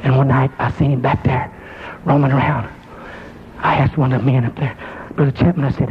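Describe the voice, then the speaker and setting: A man preaching a fervent sermon. He tells the story low and steady, then rises to cries and shouts. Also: fairly quick, a little hiss or hum. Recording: dull lo-fi recording.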